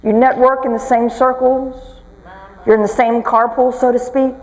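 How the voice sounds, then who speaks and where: A woman's voice: on the high side, flat delivery, moderate pace, darkish tone. A woman giving a motivational talk on stage, telling stories with humor and teasing her audience. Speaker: motivational speaker. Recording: long reverb of a large hall.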